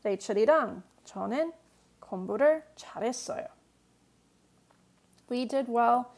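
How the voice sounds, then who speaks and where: A woman's voice: fairly high pitch, animated, very fast, long pauses, a little mellow. A woman teaching a live-streamed language lesson, patiently explaining grammar and answering viewer questions with lots of "um" and "like".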